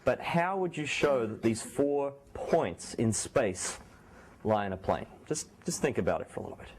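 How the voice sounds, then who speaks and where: A man lecturing a university class in a small room, speaking quietly with a sore throat and making joking asides to his students. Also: mid-range voice, very animated, moderate pace, a little hiss or hum. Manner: speaks softly, not loudly.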